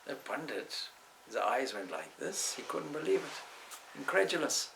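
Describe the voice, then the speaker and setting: A man's voice: mid-range voice, big pitch swings, unhurried, vocal fry, fairly bright tone, slight background noise, poor audio. A man, a swami, giving a spiritual talk indoors in a discursive way, weaving in stories and side remarks. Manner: discursive, with asides and restarts.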